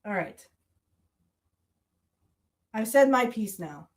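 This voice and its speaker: High-voiced woman ranting with profanity. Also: lively intonation, slow pace. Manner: heated, profane, accusatory; repeats rhetorical challenges. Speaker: podcast host. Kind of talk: angry monologue rant.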